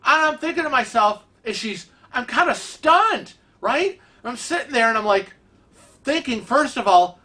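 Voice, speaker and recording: A bright, crisp voice tells a travel story to the camera in a loose, conversational way. The speaker gets indignant and animated, with restarts and repeated phrases. The pitch sits in a middle range. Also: a little slow. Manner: seated in a wheelchair while talking. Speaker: vlog host telling a travel story. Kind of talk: casual storytelling vlog.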